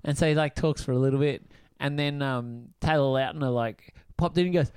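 A middle-aged man hosting a casual podcast chat, telling stories in an animated way and jumping into high voices to quote people. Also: brisk, clear, resonant tone, no room sound. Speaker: podcast host.

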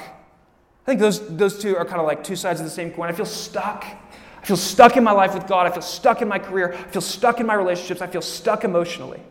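Male pastor, higher voice, lively live sermon in a reverberant church hall. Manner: animated, acts out congregants' voices, speeds up on asides. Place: church sanctuary.

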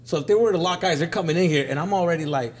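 A man co-hosting a comedy podcast, telling a profane story with animated delivery and acted-out voices. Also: fairly high pitch, very fast. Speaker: comedian co-host. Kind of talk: casual storytelling chat.

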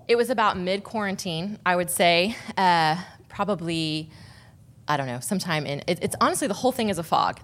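A woman's voice: lowish voice, fairly bright tone. A woman on a podcast telling a personal story in a casual, rambling way, with many restarts and asides. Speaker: podcast guest.

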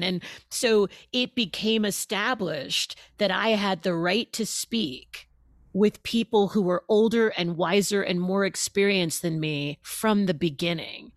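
A woman interview guest talking in a conversational way, expressive and laughing as she speaks, acting out the words of others. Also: mid-range voice, moderate pace, dry recording, studio quality. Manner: expressive, laughs as she talks, acts out quotes.

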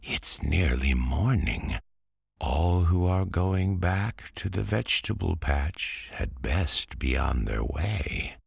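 A man voicing a brisk, fussy Halloween witch in a bedtime storybook reading, half-whispered and breathy. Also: sits low, expressive, no echo, clean studio sound, voice pushed up, full character voice.

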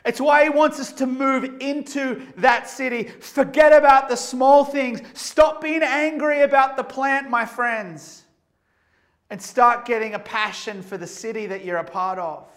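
High-voiced guy preaching, punchy, keeps repeating phrases and asking big questions. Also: steady tone, a little slow, a bit bright. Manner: emphatic, rhetorical questions, builds with repetition. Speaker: pastor. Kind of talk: sermon.

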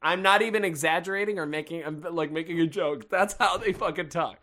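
A man's voice: a little high, brisk. A man from Mexico co-hosting a podcast in casual chat, laughing often and swearing a lot. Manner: laughs often, swears a lot, goes loud in playful bits. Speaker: podcast co-host.

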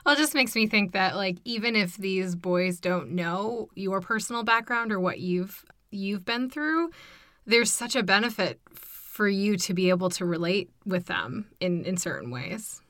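A woman interviewer responding in a soft, reflective way. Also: mid-range voice, animated, unhurried, no room sound. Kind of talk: conversational interview.

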